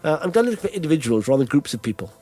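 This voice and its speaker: Slightly high, rambling jokey man. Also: sing-song, very fast, warm tone, slightly rough, faint music behind. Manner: rambling, jokey, full of fillers. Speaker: podcast host. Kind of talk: casual chat.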